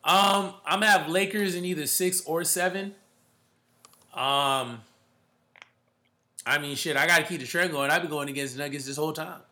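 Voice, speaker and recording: Male host, slightly high bright voice, slangy emphatic sports chatter. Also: moderate pace, pauses often. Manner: emphatic, slangy, calls listeners bro. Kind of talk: casual sports talk.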